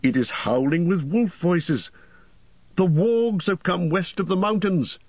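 A man's voice: fairly low pitch, measured pace, no room sound, lo-fi sound. A man voicing a grim, weary human ranger who speaks heavily and seriously. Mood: alarmed.

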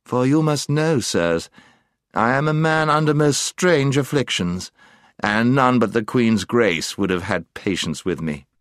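A man's voice: medium pitch, measured pace, dry recording, studio quality, lightly acted. A man voicing a hearty, courtly knight in an audiobook, with a boastful manner. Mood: grandiose. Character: grandiose laughing male knight, courtly. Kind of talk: audiobook character voice.

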